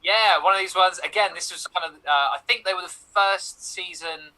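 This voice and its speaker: A man's voice: sits high, normal speed, pushed and bright, a little hiss or hum, low-quality recording. A man co-hosting a casual chat in an easygoing, joking way, speaking into a computer microphone on a remote call. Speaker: podcast co-host.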